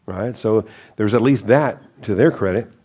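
A man teaching through a Bible passage, reading it aloud and then talking it over in a loose, conversational way. His voice is mellow and relaxed, and he drops in wry, self-correcting asides between the verses. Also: fairly low pitch, moderate pace, breathy edge.

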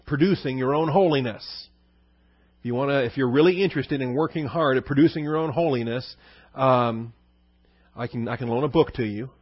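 A man's voice: mid-range voice, no echo, dull audio. A male pastor giving a conversational verse-by-verse sermon, asking his listeners questions and answering them himself, with many fillers.

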